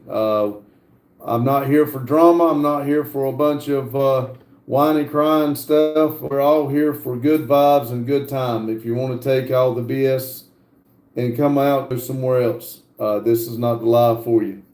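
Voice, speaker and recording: A middle-aged man with an American accent hosting a livestream, casually reading out viewer comments and answering them, often pausing with "uh". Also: medium pitch, warm tone. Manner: halting, fills pauses with frequent "uh". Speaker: livestream host. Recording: roomy echo.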